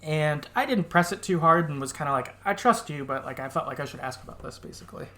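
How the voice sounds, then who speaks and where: A man's voice: fairly high pitch, fast talker, sharp tone. A man co-hosting a podcast, chatting casually and laughing often as he recaps a game and acts out its quoted lines. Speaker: podcast co-host.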